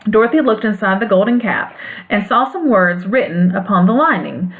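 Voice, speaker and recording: A woman narrating a classic storybook aloud in an expressive, lilting way. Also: medium pitch, moderate pace. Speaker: audiobook reader. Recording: phone-like narrow band sound.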